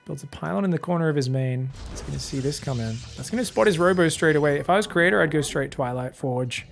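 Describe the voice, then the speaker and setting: Man, esports caster, live commentary, excitable, casual, slightly high voice, faint music behind. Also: quick pace, gravelly. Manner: excitable play-by-play, casual and swearing, chats with viewers.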